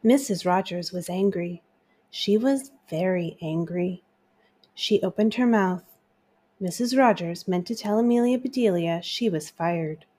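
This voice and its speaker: Mellow-voiced woman reading a storybook. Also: on the low side, unhurried. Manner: gentle, expressive reading. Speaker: podcast host and storyteller. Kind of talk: storybook read-aloud.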